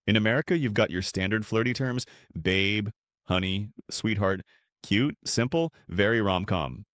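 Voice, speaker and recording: A man's voice: on the low side, normal speed, a bit bright, no echo, clean studio sound. A man giving scripted comedic narration for an explainer video, with a wry, playful and punchy delivery.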